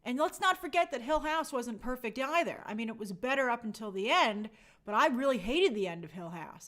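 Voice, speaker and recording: A woman's voice: a little high, expressive, fairly quick, fairly bright tone. A young adult woman hosting a casual review show, reading viewer comments aloud and acting out quotes in playful voices. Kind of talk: casual live chat review.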